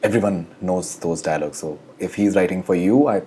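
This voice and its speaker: A man's voice: low voice, brisk, dark tone, a little hiss or hum. A man interviewing an actor, asking questions and giving short prompts, with frequent ums and uhs.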